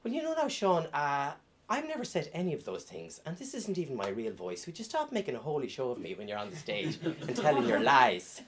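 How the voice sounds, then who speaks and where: A man's voice: medium pitch, huge pitch swings, a little fast, pitched above the performer's own voice. A man voicing his fussy older mother, prim and fond of old sayings.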